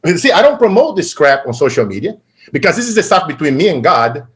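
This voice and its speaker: A man giving a motivational keynote talk, energetic and swinging from loud to quiet and emotional. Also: a little high, quick pace. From Brazil. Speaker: keynote speaker.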